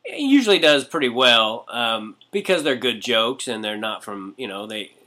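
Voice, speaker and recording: Candid male comedian, bright tone. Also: mid-range voice, animated, moderate pace. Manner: candid, conversational, with profane asides. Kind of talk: casual podcast chat.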